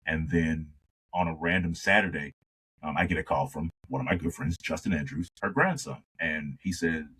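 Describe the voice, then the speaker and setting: A man, a singer telling an animated story in a conversation and acting out the dialogue. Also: extremely low pitch, normal speed, slight background noise, low-quality recording. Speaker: singer, interview guest.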